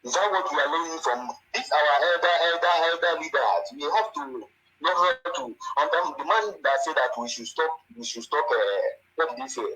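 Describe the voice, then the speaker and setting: A man's voice: fairly high pitch, normal speed, sharp tone, low-quality recording. A man calling in to a talk show, speaking indignantly and emphatically, repeating himself. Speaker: caller. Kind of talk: phone-in call.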